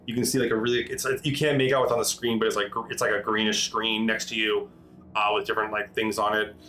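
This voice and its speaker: A man's voice: on the low side, flat delivery, quick pace, bright, forceful tone, rough recording. Rambling man running a tabletop game. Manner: rambling, many restarts and fillers. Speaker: game master.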